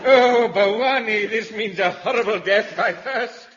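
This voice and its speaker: A man's voice: high-pitched, a little slow, fairly bright tone, a little hiss or hum. A man voicing a blustering, boozy old army major in 1950s radio comedy. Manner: blustery, bombastic. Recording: dull 1950s radio broadcast with studio audience laughter.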